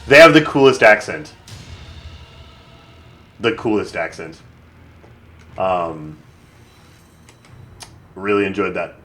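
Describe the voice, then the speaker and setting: A man's voice: sits low, lively intonation, slow pace, long pauses, bright, forceful tone, soft background music. A man streaming a video game, chatting casually and thinking aloud with lots of fillers. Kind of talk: casual live gameplay commentary.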